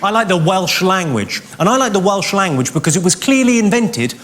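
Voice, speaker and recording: High-voiced stand-up comedian in a hall. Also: male voice. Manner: deadpan, quick delivery with crowd work. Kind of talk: stand-up routine. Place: large theatre stage. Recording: live hall recording with crowd noise.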